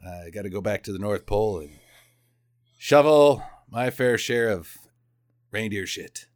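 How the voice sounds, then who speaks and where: A man doing a gruff, low mock-heroic elf guy. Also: expressive, measured pace, darkish tone, no room sound, clean studio sound. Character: gruff self-pitying adult male elf hero.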